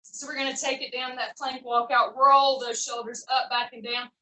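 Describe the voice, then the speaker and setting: A woman's voice: high-pitched, level tone, normal speed, sharp tone. Upbeat woman coaching a workout. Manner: upbeat, chatty, encouraging coaching with folksy phrases. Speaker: fitness instructor. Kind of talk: live online workout class cueing. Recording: echoey room, voice from far off.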